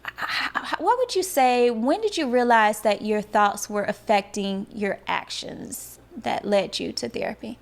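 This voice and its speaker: A woman's voice: on the high side, expressive, a little slow, vocal fry, hardly any pauses. A woman hosting a podcast interview, talking through ideas and affirming her guest often. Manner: affirming, frequent "mm-hmm" and "that's good". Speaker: podcast host. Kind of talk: conversational interview.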